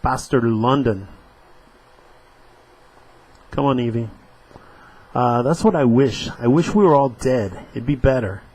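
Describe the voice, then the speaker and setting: A man voicing a drunk, despairing man in a pub, loud and slurring out bitter outbursts in a comic read-aloud. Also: mid-range voice, unhurried, pauses often, husky, poor audio.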